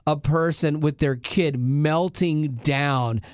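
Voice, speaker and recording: Animated man telling stories. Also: takes it slowly, clean tone, dry recording, studio quality. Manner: animated storyteller, jumps into high excited voices. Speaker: radio show co-host. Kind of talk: casual chat.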